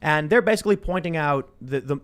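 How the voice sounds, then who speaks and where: Animated talk show host, higher voice. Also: male voice, brisk. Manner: animated, reads news aloud then riffs with restarts. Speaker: podcast host. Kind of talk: casual political talk show discussion.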